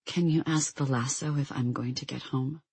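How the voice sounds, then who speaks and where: A narrator voicing a shaken young girl who asks soft, hesitant questions in an audiobook. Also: mid-range voice, takes it slowly, breathy edge, dry recording. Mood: uneasy.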